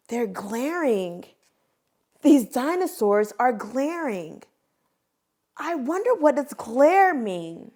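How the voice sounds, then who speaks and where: A woman preschool teacher giving a teaching demonstration of reading aloud, animated and expressive, with playful sound effects. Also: mid-range voice, takes it slowly.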